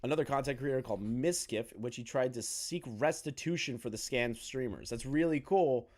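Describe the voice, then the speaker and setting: A man's voice: mid-range voice, moderate pace, darkish tone. Male reaction commentator, crude and mocking, heated rants. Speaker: commentary YouTuber.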